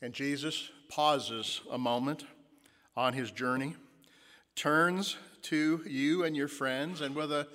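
A man's voice: a little high, steady tone, takes it slowly, fairly bright tone. A man preaching a sermon. He muses with fillers and retells a story vividly in the second person. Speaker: pastor. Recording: long reverb of a large hall.

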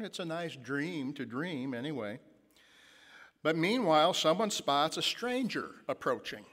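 A man's voice: a little high, expressive, a little slow, a bit bright. A man preaching a sermon. He muses with fillers and retells a story vividly in the second person. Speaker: pastor. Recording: long reverb of a large hall.

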